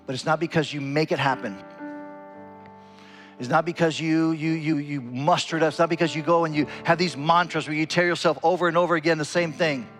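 Earnest preaching pastor over soft guitar. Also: male voice. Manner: earnest preaching with wide swings in pitch and loudness. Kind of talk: sermon.

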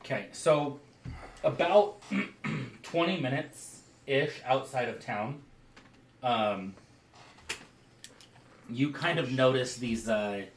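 A man narrating as game master of a tabletop game, describing scenes haltingly with many fillers. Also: mid-range voice, roomy sound, slight background noise.

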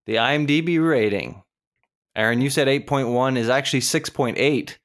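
A man runs a relaxed movie rating game among friends. He reads out the scores in a steady, measured way. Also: medium pitch. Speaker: game host. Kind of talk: casual movie chat.

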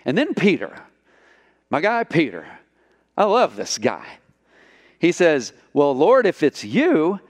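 Animated male pastor in a reverberant hall. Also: on the high side, unhurried. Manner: animated storytelling, acts out quotes. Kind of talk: sermon.

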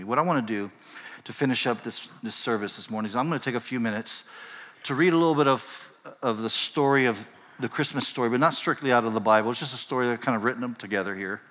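Animated male pastor in a reverberant church. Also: mid-range voice. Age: middle-aged. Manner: animated storytelling, laughing at himself, then slow and hushed. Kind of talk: sermon. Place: church sanctuary.

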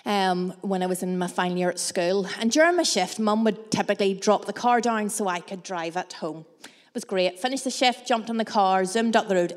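A woman preaching a sermon, mixing scripture with personal stories in a measured, reflective way with dramatic pauses. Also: medium pitch. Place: church hall. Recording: long reverb of a large hall.

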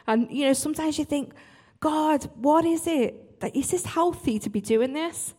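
A woman's voice: sits high, normal speed, warm tone. A woman worship leader, giving an earnest church talk with frequent asides and restarts. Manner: earnest, self-interrupting, apologetic asides.

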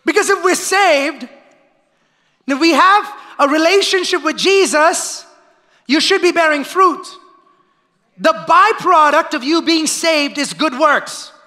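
Male pastor, very high and sharp-toned voice, energetic sermon with call-and-response to the congregation. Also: slow. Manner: acts out the voices of complainers. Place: church sanctuary.

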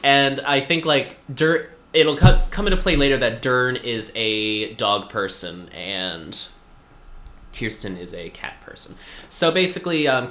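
A man's voice: fairly low pitch, sharp tone. A man casually recapping a TV episode in chat, rambling with lots of fillers and wry asides. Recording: echoey room recording.

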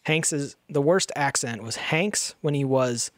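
A man in casual film-review chat, animated and full of hesitant fillers. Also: mid-range voice, takes it slowly, dry recording, clean studio sound. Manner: animated, mocking asides in put-on voices, hesitant fillers. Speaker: podcast co-host.

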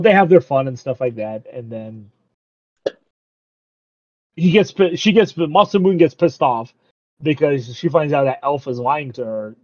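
A man casually recapping a show, laughing often and acting out the characters' lines in quick asides. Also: mid-range voice, dry recording. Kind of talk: casual chat recapping an anime. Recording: dull lo-fi dry recording.

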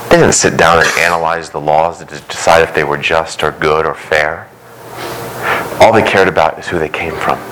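A middle-aged man preaching a sermon as pastor, earnest and emphatic, his pace shifting from quick runs to slow, stressed words. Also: very deep voice, noisy background.

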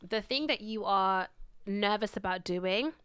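A woman's voice: mid-range voice, unhurried, smooth. A woman, chatting casually and acting out the people in her stories. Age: 30s. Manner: animated storyteller, acts out quotes. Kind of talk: casual chat.

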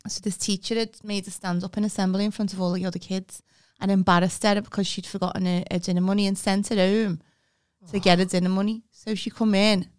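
A woman's voice: mid-range voice, little pitch movement, fairly quick, darkish tone, clear, resonant tone. A woman in casual chat, telling rambling childhood stories with plenty of swearing. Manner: rambling anecdotal storytelling with swearing.

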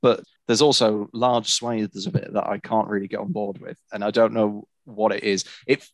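A man's voice: lowish voice, little pitch movement, normal speed, dry recording. A British man chatting casually as a podcast guest, laughing often and self-deprecating. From Britain.

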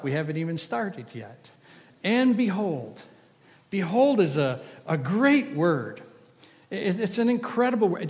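A man preaching a sermon as a guest preacher, animated and folksy, with emphatic stress on key words. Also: fairly high pitch. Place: church sanctuary. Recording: reverberant church hall.

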